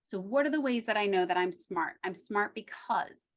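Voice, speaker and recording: A woman success coach speaking enthusiastically in a podcast interview, acting out little inner voices as she explains. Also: animated. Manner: enthusiastic, acts out inner voices with quick pitch jumps.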